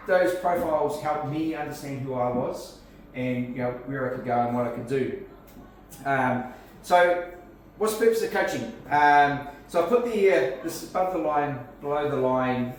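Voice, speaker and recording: A New Zealand man speaks as a coach to a group gathered in a cafe room. His delivery is conversational and unpolished, full of fillers and restarted phrases. The mic sits far away, so his voice comes through a strong room echo with a faint hum of ambience behind. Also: medium pitch. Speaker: life coach. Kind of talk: live networking talk.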